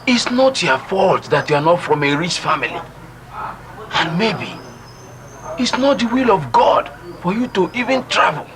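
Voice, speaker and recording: A blunt lecturing friend. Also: male voice, sits high, very animated, unhurried, a crowd in the background, heavily acted. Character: blunt friend urging him to give up. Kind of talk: Nollywood film drama acting. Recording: noisy film soundtrack.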